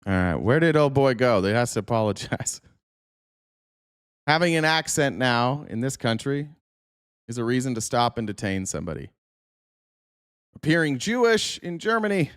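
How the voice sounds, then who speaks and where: A man's voice: mid-range voice, big pitch swings, moderate pace, pauses often, fairly bright tone, clean tone, dry recording, studio quality. A man hosting a political commentary show, talking bluntly and sarcastically with frequent swearing.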